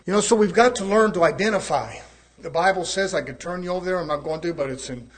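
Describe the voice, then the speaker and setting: A man's voice: sits high, fast. A man preaching a sermon in a folksy way, his volume rising and falling.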